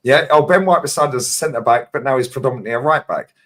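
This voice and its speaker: A man with an English accent and a slightly husky, mid-pitched voice. He argues about football combatively. He swears and cuts in to challenge every claim. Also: fast, fairly bright tone. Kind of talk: heated football debate.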